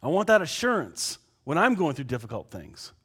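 A pastor preaching a sermon, swinging between loud, exasperated outbursts and quiet, low asides. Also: male voice, wildly swooping pitch, moderate pace, slightly rough. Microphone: lapel mic.

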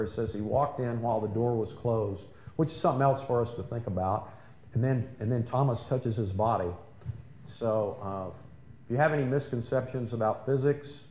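A man's voice: medium pitch, warm tone, a little hiss or hum. A man preaching a sermon in a conversational way, often asking the congregation questions. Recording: echoey room with faint ambience.

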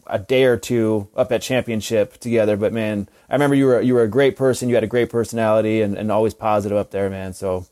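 A man's voice: lowish voice, fairly even intonation, quick pace, hardly any pauses, darkish tone. A man hosting a podcast, thanking a guest and reading the outro in an easygoing way. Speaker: podcast host.

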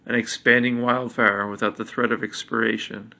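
A proud, blustering wizard who barks out his dismissals, read by a man in a storybook. The voice is rough and bright, with an even line. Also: on the low side, moderate pace. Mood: dismissive. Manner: barking, dismissive.

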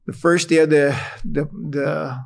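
A man's voice: a little high, little pitch movement, measured pace, creaky. A middle-aged man, a podcast guest, talking candidly and earnestly, telling stories and acting out what people said with laughing asides. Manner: earnest storytelling, acts out quotes with laughing asides. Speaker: podcast guest, restaurant founder. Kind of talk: candid conversation.

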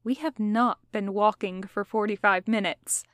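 A woman's voice: mid-range voice, fairly even intonation, fairly bright tone, no room sound, clean studio sound, lightly acted. A woman reading the part of a precise, logical young man who talks in exact, formal phrases. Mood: clipped. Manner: exact, formal speech, quick when alarmed.

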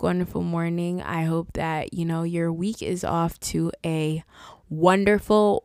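A woman hosting her own podcast, telling stories in a sassy, animated, casual way with playful asides. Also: medium pitch, no room sound, clean studio sound. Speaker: podcast host. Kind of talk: casual solo podcast chat.

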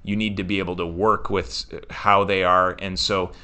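A man's voice: deep voice, flat delivery, normal speed, pushed and bright. A man co-hosting a podcast in casual chat, earnest and giving advice to listeners. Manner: earnest, advising, cautious. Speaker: podcast co-host.

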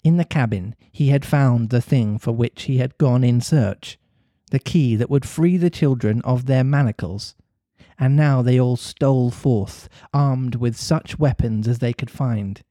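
A man reading a classic storybook aloud, measured and expressive, with a mid-pitched voice. The sound is dry and close, with no room echo. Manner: measured, expressive reading with occasional laughing asides. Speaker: reader of a classic novel on a podcast. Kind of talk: storybook narration.

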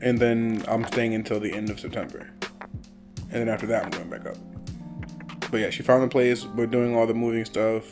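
A man's voice: lowish voice, fairly even intonation, normal speed, long pauses. Young guy chatting loose and slangy, laughs a lot, bit of guitar music behind. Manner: laid-back, laughs often, slangy storytelling. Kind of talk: casual chat.

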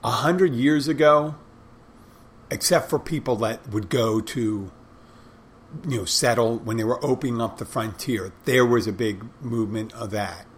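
A man's voice: mid-range voice, a little slow. A middle-aged man, talking casually and rambling in a folksy, profane way. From Philadelphia, Northeast. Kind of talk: casual monologue.

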